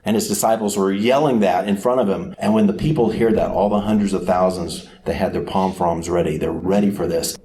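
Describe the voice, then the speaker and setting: A man preaches a sermon, telling the story dramatically and sometimes acting out crowd voices with sudden shouts. His voice sits low, and he moves fairly quickly with few pauses.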